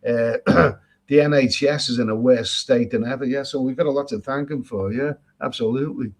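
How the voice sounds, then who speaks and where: Broadcasting live from an island in Thailand, this English travel vlogger reads his viewers' comments aloud and answers them casually, circling back, restarting, and voicing firm opinions. He speaks at a moderate pace in a mid-range voice.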